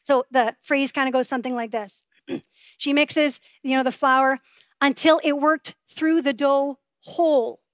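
A woman preaching a sermon with a high, clear voice, earnest and conversational, often turning to rhetorical questions. The sound is close and dry, with no room around it. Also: steady tone, unhurried, no room sound. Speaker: pastor.

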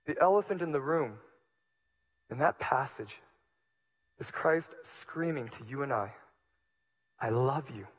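A man preaching a sermon as pastor, moving between hushed, low passages and loud, emphatic ones. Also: expressive, a little slow, long pauses, slightly rough.

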